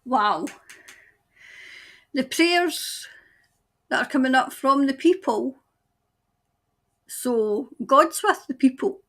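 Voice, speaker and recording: A high-pitched woman talks through an intuitive psychic reading as a tarot reader. She muses aloud and often breaks off mid-thought to restart. Her manner stays hesitant and searching. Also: expressive, fairly bright tone. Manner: musing aloud, halting, trailing off and restarting; speaks of seeing and hearing things.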